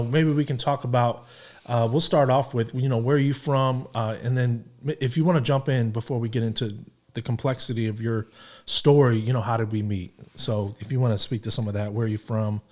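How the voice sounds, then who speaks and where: Man, middle-aged, podcast host, casual, rambling, filler-heavy. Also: medium pitch. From Ohio, USA. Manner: relaxed, rambling with many fillers.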